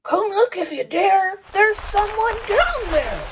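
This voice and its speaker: A woman voicing a curious, excited badger who speaks quickly and eagerly. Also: extremely high pitch, recorded from a distance, noisy background, pitched above the performer's own voice, full character voice.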